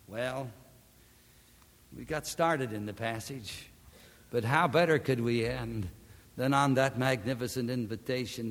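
A man preaching a sermon, swinging from loud emphatic peaks to hushed near-whispers. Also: medium pitch, a little slow, pauses often. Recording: long hall reverb.

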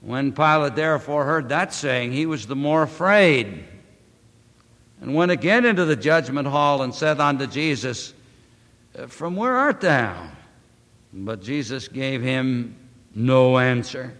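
A man preaching a sermon, reading scripture aloud and speaking to the congregation with emphatic, drawn-out phrasing. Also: medium pitch, fairly bright tone. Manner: addresses congregation as beloved. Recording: long hall reverb.

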